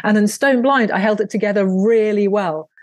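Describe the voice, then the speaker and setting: A woman author and audiobook narrator talking in an interview, animated and quick to laugh, often making fun of herself. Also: medium pitch, no echo. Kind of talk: conversational interview.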